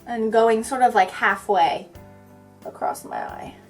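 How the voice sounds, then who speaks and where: Fast-talking bubbly young woman vlogger. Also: on the high side, faint music behind. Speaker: beauty vlogger. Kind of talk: chatty makeup tutorial talk-through.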